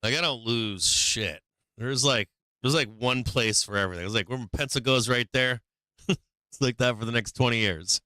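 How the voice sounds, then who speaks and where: Hosting a stock market livestream, a middle-aged man talks at normal speed in a medium pitch with a sharp tone and no room sound. His delivery rambles casually, profane and loaded with "like" fillers.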